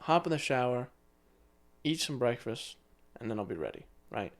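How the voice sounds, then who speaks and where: A man's voice: medium pitch, very animated, normal speed, gravelly. A man in his twenties co-hosting a podcast, rambling through a story in casual chat and swearing now and then. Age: 20s. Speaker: podcast co-host.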